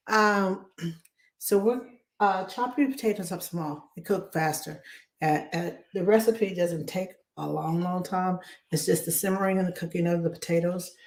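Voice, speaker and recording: A woman, hoarse from laryngitis, chatting warmly as she hosts a live cooking demo and greets viewers by name. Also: lowish voice, measured pace. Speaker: cooking show host.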